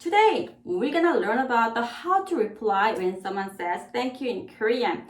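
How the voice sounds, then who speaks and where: A woman teaching a beginner Korean lesson in English that is plainly not her first language. She speaks slowly and repeats each phrase for practice. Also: a little high, lively intonation, echoey room. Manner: slow, repeats words for practice.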